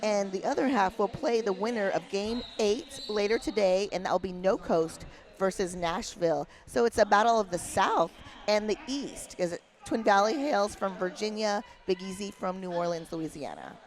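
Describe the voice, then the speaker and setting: A woman's voice: medium pitch, animated, moderate pace, few pauses. A woman doing live roller derby commentary from an arena booth, chatty and friendly as she reads the lineups.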